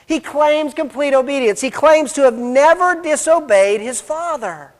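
Casting note: high-pitched male pastor with a cold, emphatic sermon delivery, long hall reverb. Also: expressive, moderate pace, few pauses. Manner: emphatic, repeats "notice" to stress points. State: has a cold, coughing.

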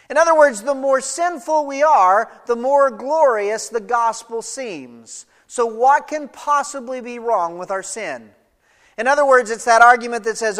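A man's voice: very high-pitched, fairly bright tone. A man preaching an expository sermon, emphatic, reading scripture aloud and explaining it. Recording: long reverb of a large hall.

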